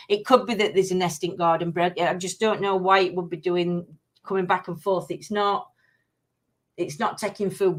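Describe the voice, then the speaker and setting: A middle-aged woman hosting a casual live-stream chat, rambling with many ums and restarts as she answers viewers. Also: fairly low pitch. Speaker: livestream host.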